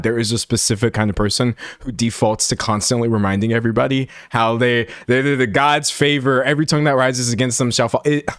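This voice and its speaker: A man of middle pitch delivers sarcastic reaction commentary, mocking and loose with slang, often tripping over repeated words. His voice sits close and dry with no room sound. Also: no room sound. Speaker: commentary host.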